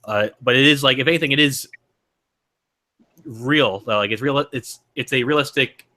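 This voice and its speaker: Rambling bright-voiced man. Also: mid-range voice, normal speed. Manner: rambling, lots of fillers and restarts. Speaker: podcast co-host. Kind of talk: casual movie review chat.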